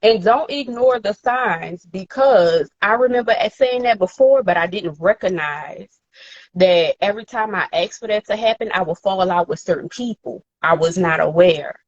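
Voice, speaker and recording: Woman, podcast co-host, candid storytelling, slangy and profane, animated quoting, dry dull audio. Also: moderate pace, no room sound. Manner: animated, acts out quotes in a higher voice; casual slang, swears freely.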